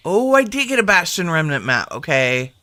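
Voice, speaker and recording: A man's voice: fairly high pitch, very animated, normal speed, sharp tone, no echo. A man giving casual gameplay commentary as a video host, chatting and thinking aloud to himself while he sorts things.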